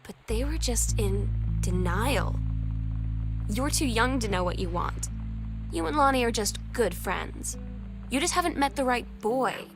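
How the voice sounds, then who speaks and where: Teen girl in a game voice-over, calm and wry, music under it. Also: a little high, measured pace. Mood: confiding. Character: teenage girl confiding about her parents.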